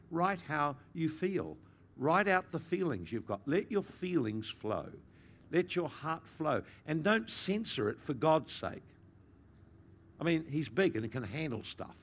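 A man teaching a sermon in an earnest, pastoral manner, at times building in intensity and then dropping soft and low. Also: slight background noise.

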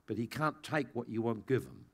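A man teaching a sermon in an earnest, pastoral manner, at times building in intensity and then dropping soft and low. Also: fairly quick.

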